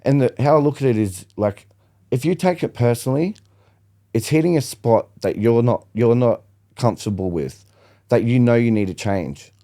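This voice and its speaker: A man's voice: mid-range voice, lively intonation, normal speed, warm tone. A young man, a podcast guest, telling his story bluntly and with lots of swearing in casual chat.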